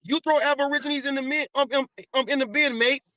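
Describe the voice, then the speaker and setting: A man's voice: very high voice, fairly even intonation, a little fast, pushed and bright, dry recording. An American man hosting a live podcast, arguing heatedly with a guest, repeating himself and taunting him. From United States. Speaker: podcast host. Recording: dull lo-fi stream audio.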